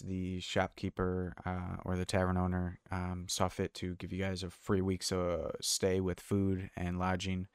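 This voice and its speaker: A man narrating a tabletop game as game master, halting and full of fillers. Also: low-pitched, gravelly, clear, resonant tone, no echo, studio quality.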